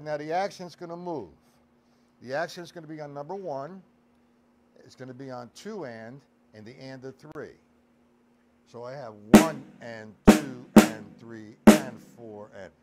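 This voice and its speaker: A middle-aged man giving a casual live-streamed drum lesson, counting beats aloud and talking to his chat. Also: fairly high pitch. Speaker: drum teacher. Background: drum kit playing.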